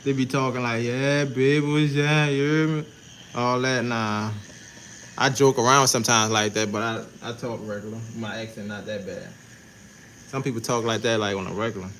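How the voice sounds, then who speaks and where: Working in his shop, this tattoo artist from New Orleans, Louisiana, chats easygoingly with his stream, tossing out slang and hellos to viewers. He speaks briskly in a lowish voice with fairly even intonation and a fairly bright timbre. The audio is low quality, with a faint hiss or hum.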